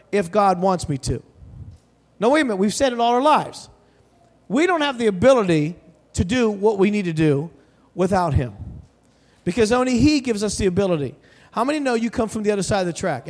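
A man preaching a sermon in a large church, animated and storytelling, often asking the crowd questions. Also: sits high. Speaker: guest preacher. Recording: long hall reverb.

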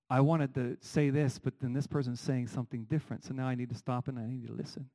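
Animated male pastor preaching. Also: medium pitch, fast, hardly any pauses, low-quality recording. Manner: animated preaching with rhetorical questions. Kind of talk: sermon.

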